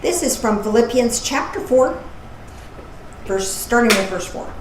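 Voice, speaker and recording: A woman minister giving a casual, playful sermon with animated asides. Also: fairly high pitch, a little slow. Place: church service. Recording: echoey room with faint noise.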